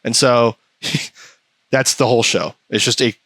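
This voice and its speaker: Podcast host, male, sarcastic ranter, medium pitch, dry recording. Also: fairly even intonation, measured pace, a bit bright, dry recording. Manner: ranting, sarcastic, mocks voices in a high pitch. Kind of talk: casual podcast chat.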